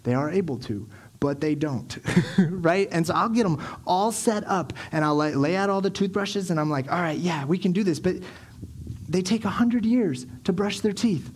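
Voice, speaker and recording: A man in his thirties preaches from a church stage with a slightly high voice. He tells family stories animatedly, playing out his kids' lines and his own exasperation. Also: normal speed, breathy edge. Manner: animated storytelling, acting out his kids and himself. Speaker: pastor. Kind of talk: sermon. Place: church sanctuary.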